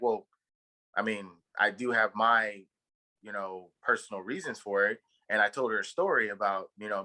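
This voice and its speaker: A man's voice: lowish voice, sharp tone, low-quality recording. A man from Texas co-hosting a podcast, telling a long story in a rambling way, full of fillers and swearing. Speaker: podcast co-host. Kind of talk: casual chat.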